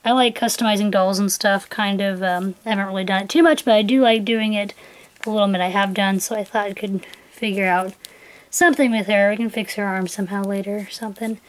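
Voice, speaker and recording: A young woman filming an excited unboxing vlog at home, gushing with breathless exclamations. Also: medium pitch, brisk, rough recording. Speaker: toy collector vlogger.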